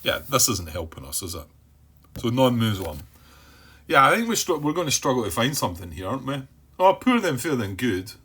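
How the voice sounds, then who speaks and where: A man playing a board game solo, thinking aloud in a hesitant way, repeating words, questioning himself and calming himself down by name. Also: medium pitch, quick pace, slightly rough. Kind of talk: thinking-aloud playthrough commentary.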